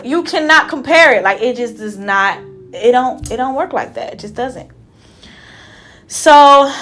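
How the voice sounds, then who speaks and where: Chatty young woman vlogger retelling a story. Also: mid-range voice. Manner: chatty, emotional retelling, often trailing off softly. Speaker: hairstylist vlogger. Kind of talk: casual storytelling to camera.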